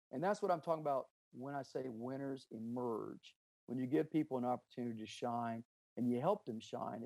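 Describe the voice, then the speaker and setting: A middle-aged business owner tells leadership stories in an interview, speaking in a gravelly, dark, medium-pitched voice on a dry recording. He is earnest and emphatic, weaving anecdotes with quoted dialogue.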